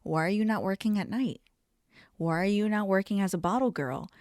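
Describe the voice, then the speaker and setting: Young woman, solo podcast host; chatty and foul-mouthed, mid-pitch, dry sound. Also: a little fast, a little mellow, no echo. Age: young adult. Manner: chatty, profane, self-mocking. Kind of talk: casual solo podcast chat.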